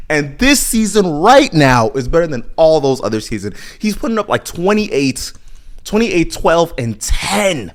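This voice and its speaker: A young American man hosting his own podcast, talking casually and animatedly, repeating himself and tossing in playful asides. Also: mid-range voice. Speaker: podcast host. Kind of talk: casual solo commentary.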